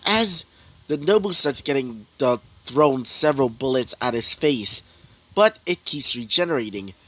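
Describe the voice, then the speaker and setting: A man's voice: medium pitch, expressive, measured pace, fairly bright tone. A man improvising a fan story as narrator, rambling with fillers and self-corrections.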